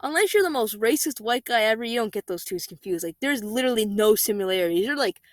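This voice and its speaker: A woman's voice: a little high, expressive, quick pace, dry recording. A woman reading an online story aloud in a casual, chatty way, breaking into exasperated rants full of "like". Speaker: story reader.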